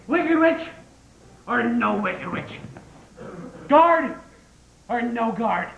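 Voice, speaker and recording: A man's voice: extremely high pitch, big pitch swings, extremely slow, vocal fry, fairly bright tone, slight background noise, exaggerated voice. Cowardly Lion, a man acting, blustery. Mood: blustering. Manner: blustering then timid, comic. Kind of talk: amateur stage play. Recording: echoey dull stage recording with music.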